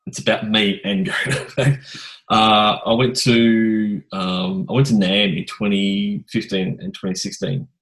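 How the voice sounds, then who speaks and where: A podcast host with a fairly low voice. He rambles through anecdotes in a relaxed, chatty interview, full of restarts and lively asides. It sounds like easygoing conversation between fellow drummers. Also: unhurried, rough recording. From Australia. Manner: rambling anecdotal storyteller, animated. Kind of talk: casual interview chat.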